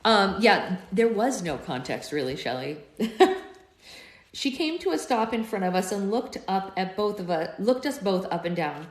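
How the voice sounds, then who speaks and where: A woman's voice: mid-range voice, very animated, measured pace. A woman hosting a live book club, reading chapters aloud with playful, chatty asides. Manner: chatty, playful, goes off on tangents. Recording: roomy echo.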